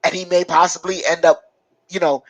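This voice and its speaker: Higher-voiced man, dry and close. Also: level tone, no room sound, low-quality recording. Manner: rambling, halting with many fillers. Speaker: co-host. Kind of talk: casual live-stream sports chat.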